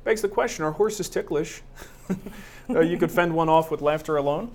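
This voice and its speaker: A man's voice: a little high, moderate pace, darkish tone. A middle-aged man co-hosting a woodworking live show, chatty, joking and self-mocking. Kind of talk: casual live-stream banter.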